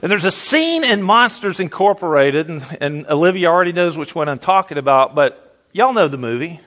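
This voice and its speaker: A man preaching a sermon as a pastor, conversational and folksy, slowing down to stress key words. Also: on the high side, animated, a bit bright. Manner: conversational, folksy, slows down for emphasis.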